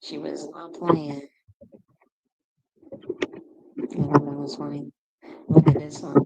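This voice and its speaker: A woman with a low, deep speaking voice reacts to video clips in a loose, chatty way. She circles back on her words, repeating phrases as she works out what to say. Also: level tone, measured pace, vocal fry, dark tone, husky, rough recording. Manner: rambling, repeats words while searching for them. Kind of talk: casual commentary on video clips.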